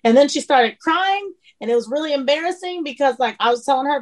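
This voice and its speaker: A woman chef chatting on a podcast, animated, acting out the people in her stories. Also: on the high side, fast talker. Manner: animated storyteller, acts out quotes. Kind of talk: casual chat.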